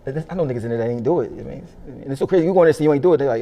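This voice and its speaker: A middle-aged man rattles through his stories at a rapid clip, his voice dark and gravelly. He curses freely, laughs often and acts out the people in his stories. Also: mid-range voice. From Philadelphia. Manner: profane, animated storyteller who laughs often. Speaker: interview guest. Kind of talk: casual storytelling interview.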